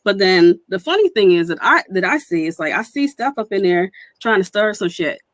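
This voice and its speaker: A woman's voice: mid-range voice, sing-song, moderate pace, no echo. A young woman streamer giving heated commentary, indignant and swearing, mimicking people she quotes.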